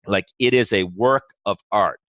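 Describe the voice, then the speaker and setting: A man's voice: lowish voice, a little slow, a bit bright, no room sound. A man speaking as a guest in a podcast interview, talking passionately in long runs full of "you know" and restarts. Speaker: guest, company co-founder.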